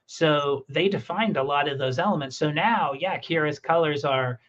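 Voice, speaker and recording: The recording is muffled and lo-fi as a comic creator and podcast host, speaking at a normal speed in a slightly high voice, tells rambling stories about making comics. His storytelling is animated, with frequent restarts, in a casual conversation.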